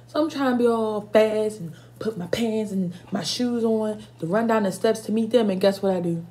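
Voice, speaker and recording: A woman in her twenties, with a mellow, medium-pitched voice at normal speed and few pauses, films a mukbang. She tells casual, profane stories while she eats, now and then pausing to react to spicy food.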